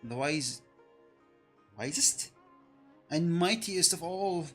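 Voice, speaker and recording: A woman's voice: lowish voice, animated, slow, a bit bright, faint music behind, full character voice. A reader voicing a theatrical young female fortune teller who makes grand, pompous pronouncements in a fan reading of game dialogue. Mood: indignant.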